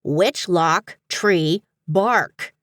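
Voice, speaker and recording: A woman's voice: deep voice, expressive, measured pace, no echo, studio quality. A woman playing a grumpy little winged male creature. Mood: grumbling. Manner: gruff, exasperated.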